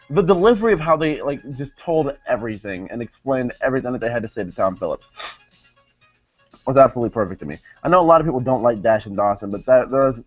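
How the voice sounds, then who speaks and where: A man's voice: medium pitch, darkish tone, dry recording. A young man casually reviewing a wrestling show, rambling with many fillers and self-corrections. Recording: dull lo-fi sound, faint music behind.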